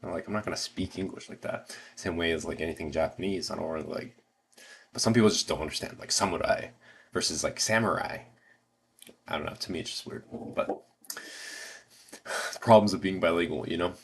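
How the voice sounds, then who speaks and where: A man's voice: low voice, fast talker, vocal fry, husky. A man with an American accent hosting a casual livestream, rambling with lots of fillers and restarts. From United States. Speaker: livestream host.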